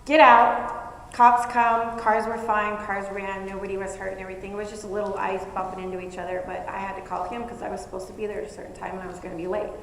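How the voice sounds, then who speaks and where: A woman's voice: mid-range voice, level tone, fast talker, a bit bright. Chatty woman storyteller in a reverberant hall. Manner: chatty, self-mocking, laughs while telling. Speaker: speaker at a live event. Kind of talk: personal storytelling talk. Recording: echoey hall with faint noise.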